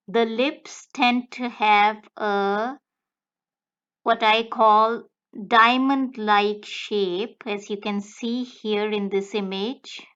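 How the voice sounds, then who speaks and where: A woman language tutor giving a slow, deliberate step-by-step explanation of pronunciation. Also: on the high side, fairly bright tone, clean tone, muffled recording. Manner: slow, deliberate, breaks words into careful phrases.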